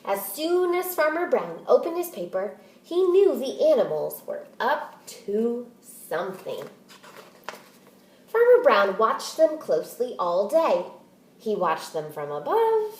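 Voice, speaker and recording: A woman teacher reading a picture book aloud and explaining it, in a deliberate, expressive manner. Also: a little high, roomy sound, slight background noise.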